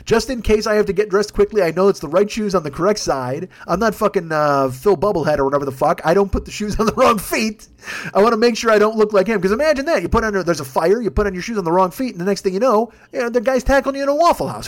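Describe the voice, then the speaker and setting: A man telling a rambling, profane story in a casual, animated way. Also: sits high, fast talker.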